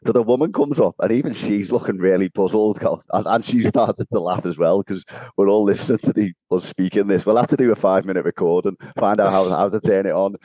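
Brief: male podcast co-host, low dark voice, dry close sound, chatty storyteller who laughs a lot. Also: fairly quick, hardly any pauses, dry recording, rough recording. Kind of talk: casual chat. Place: home kitchen.

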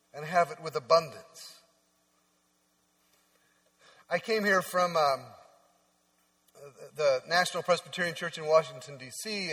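High-voiced man preaching in a reverberant hall. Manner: conversational storytelling preaching, drops to soft hushed tones. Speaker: pastor. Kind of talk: sermon. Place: church sanctuary. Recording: long church-hall reverb.

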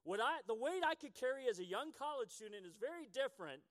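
A man in his fifties, a pastor preaching a sermon with animated, humorous storytelling. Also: very high-pitched, fast, big-room sound. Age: 50s.

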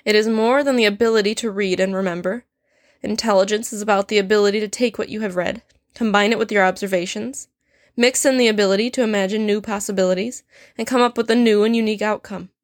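A woman's voice: mid-range voice, fairly even intonation, fast talker, dry recording, clean studio sound, lightly acted. A woman reading a story aloud, voicing a stern, sardonic male potions professor who speaks in a cold, clipped and cutting way. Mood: cold, scornful.

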